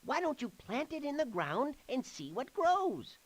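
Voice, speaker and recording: A woman's voice: high-pitched, very animated, measured pace. A woman voicing a kindly, fussy video game character who hands out gifts and gives tips. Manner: friendly, fussy, correcting herself.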